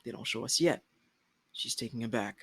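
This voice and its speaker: A young man co-hosting a casual TV episode discussion, slangy and animated, often breaking into laughter as he retells scenes. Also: mid-range voice, a little fast, husky. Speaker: podcast co-host.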